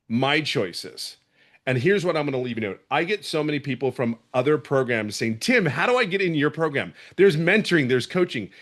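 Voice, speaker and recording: A man's voice: fairly high pitch, a bit bright. A middle-aged man from Philadelphia giving a spoken testimonial in an emphatic, fired-up way, often repeating himself. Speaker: student sharing a testimonial.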